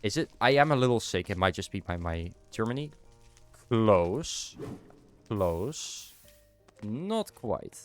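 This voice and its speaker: Young dutch man, very low voice, stuffy cold nose, casual gaming chatter, faint music behind. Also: sing-song, fairly quick, hardly any pauses, a bit bright. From Netherlands. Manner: chatty, answers chat while playing. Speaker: streamer. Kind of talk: casual chat while gaming.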